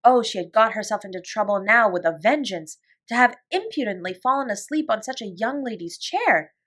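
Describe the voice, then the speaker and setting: A woman narrating a classic children's novel as a bedtime story, in an expressive storytelling voice. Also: mid-range voice, moderate pace. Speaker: audiobook reader.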